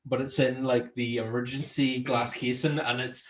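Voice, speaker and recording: A man's voice: mid-range voice, flat delivery, moderate pace, a little hiss or hum. A man with a Northern Irish accent, co-hosting a casual film podcast, laughing often and quoting scenes in put-on voices. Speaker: podcast co-host.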